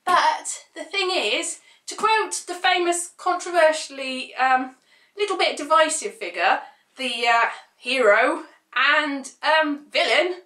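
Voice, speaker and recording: Bright-voiced woman, rambling and opinionated. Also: sits high, takes it slowly, reverberant. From United Kingdom. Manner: rambling, opinionated, sarcastic asides. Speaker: vlogger. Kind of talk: casual chat to camera.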